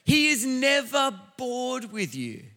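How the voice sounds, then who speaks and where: Aussie pastor preaching, high bright voice, big hall echo, punchy repeated lines. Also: male voice, sing-song, takes it slowly, faint music behind. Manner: emphatic preaching with rising shouts and repeated phrases. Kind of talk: sermon. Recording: long hall reverb.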